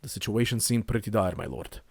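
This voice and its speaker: A man's voice: on the low side, a little fast, creaky, a little mellow, slightly rough, dry recording, studio quality. A man voicing a dutiful young messenger who pleads politely with a lord. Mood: earnest.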